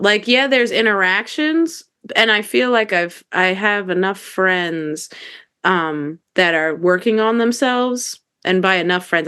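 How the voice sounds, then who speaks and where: A woman co-hosting a podcast tells stories in casual chat, candid and animated, with some swearing. Her mid-range voice is a bit bright, with a clear, resonant tone.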